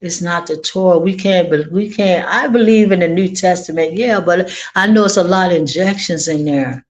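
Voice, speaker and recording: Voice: medium pitch, moderate pace. An online Torah class teacher talking informally to viewers, exclaiming joyfully and repeating phrases for emphasis. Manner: informal colloquial speech. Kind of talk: livestream teaching and reacting to viewer comments.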